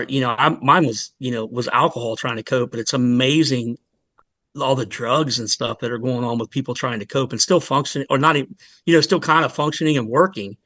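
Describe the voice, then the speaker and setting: A middle-aged man, a fire lieutenant, telling his story in a candid podcast interview, earnest and halting with many pauses. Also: medium pitch, fairly bright tone, no echo. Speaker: fire department lieutenant, guest.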